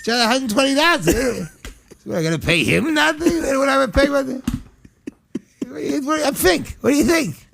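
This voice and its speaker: A man doing a shrewd old dry cleaner, high and mocking. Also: expressive, drawn-out words, creaky, mellow, slight background noise, full character voice. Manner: exaggerated put-on accent, mocking. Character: shrewd older male dry cleaner owner.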